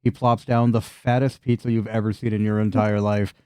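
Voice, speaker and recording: A man's voice: fairly low pitch, flat delivery, brisk, a little mellow, clear, resonant tone, no room sound, studio quality. A young man narrating a tabletop game as game master in a casual, profane, joking way.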